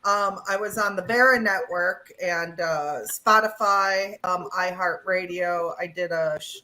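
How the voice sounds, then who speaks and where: A woman guest talks in a casual interview. Her voice is bright, and she rambles along with plenty of fillers. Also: on the low side, unhurried, poor audio.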